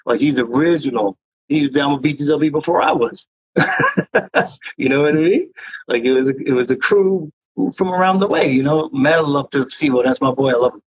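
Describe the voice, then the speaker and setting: A man's voice: fairly high pitch, fairly quick, slightly rough, no room sound, muffled recording. A man telling stories in a casual interview, swearing and filling his talk with "you know what I mean". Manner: rambling, profane street talk with many fillers. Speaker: interview guest, graffiti writer.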